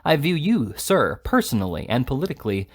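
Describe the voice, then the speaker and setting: A man's voice: medium pitch, sing-song, brisk, voice pushed up. A man reading aloud and voicing a pompous, indignant male newspaper editor with stiff, offended delivery.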